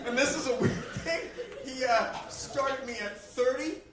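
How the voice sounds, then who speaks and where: A man's voice: very high-pitched, measured pace, crowd noise. A man performing a self-mocking stand-up comedy set on a club stage, swearing freely as the audience laughs. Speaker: stand-up comic. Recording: roomy live-club sound, mic heard from a distance.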